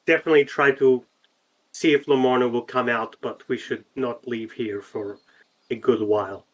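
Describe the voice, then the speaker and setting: A man playing in a tabletop game, chatting casually with quick, joking banter. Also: mid-range voice, steady tone. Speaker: player.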